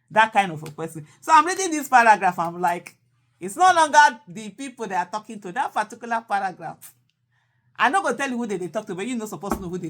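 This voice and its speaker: A woman's voice: mid-range voice, fairly bright tone. A woman with a Nigerian accent, talking casually and animatedly, repeating phrases and slipping into Pidgin. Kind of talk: casual monologue.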